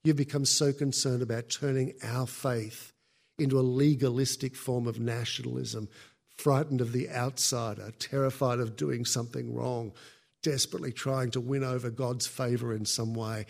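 A man preaching a sermon, telling the story vividly and dropping to a hush for emphasis. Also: medium pitch, moderate pace, vocal fry. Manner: lively storytelling, drops to hushed tones for emphasis.

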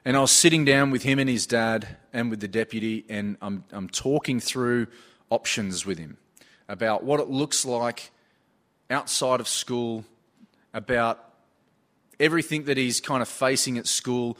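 In a sermon, a preacher earnestly shares stories from his work, recounting people's words as dialogue. His mid-range voice is a bit bright and measured in pace.

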